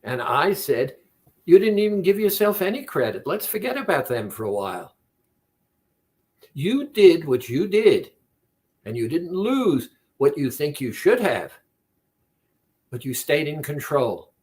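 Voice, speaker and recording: A man talking as a weight-loss coach, slowly and deliberately retelling a conversation with a client. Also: a little high, big pitch swings, darkish tone. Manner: slow, deliberate, retells conversations with quoted dialogue. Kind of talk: reflective monologue.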